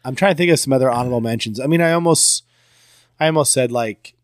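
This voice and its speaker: A man's voice: medium pitch, fast, no echo, clean studio sound. A man co-hosting a podcast, chatting casually and with enthusiasm about old TV shows. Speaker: podcast co-host. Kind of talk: casual chat.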